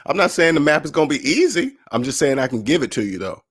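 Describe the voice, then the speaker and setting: A man with a somewhat high voice talks in a loose, motivational monologue, hosting his own personal finance show. He gets animated and acts out the voices of coworkers and friends as he tells his stories. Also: quick pace, hardly any pauses. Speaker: personal finance channel host.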